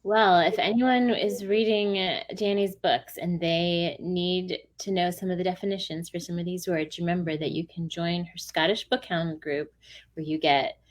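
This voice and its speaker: A woman's voice: on the low side, steady tone, moderate pace. A woman hosting an interview, friendly and encouraging, who laughs along with her guest. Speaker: interview host. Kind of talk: casual interview chat.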